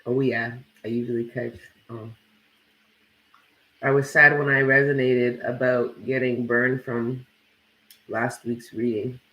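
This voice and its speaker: Dude doing a tarot livestream, swears a lot, reads comments out, kinda echoey room. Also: male voice, medium pitch, level tone, slow, pauses often, dull audio. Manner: casual, blunt and profane, lots of "like". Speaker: tarot reader hosting a live stream. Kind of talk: live stream, chatting and reading viewer comments aloud.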